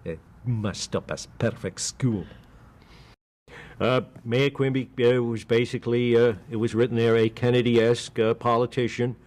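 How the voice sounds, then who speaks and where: Male voice actor, interview, relaxed explaining, mid-pitched voice. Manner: relaxed, explanatory, slips into quick impressions.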